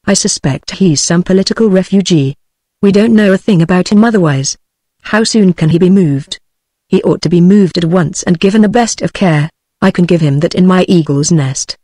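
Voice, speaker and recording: A synthetic British English woman's voice reading a novel aloud with an even, steady audiobook delivery. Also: lowish voice, dry recording. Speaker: audiobook narrator.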